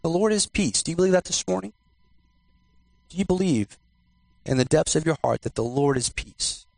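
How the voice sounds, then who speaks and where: Slightly high-voiced male pastor preaching. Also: lively intonation, vocal fry, a little mellow, no room sound. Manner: repetitive, emphatic preaching with slowed key phrases. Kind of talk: sermon. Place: church.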